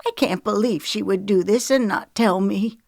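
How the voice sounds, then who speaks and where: A woman's voice: medium pitch, normal speed, darkish tone, no room sound, clean studio sound, pitched above the performer's own voice, natural voice. A woman voicing a suspicious, demanding older grandmother with a drawl, speaking sharply in a raised voice. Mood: upset.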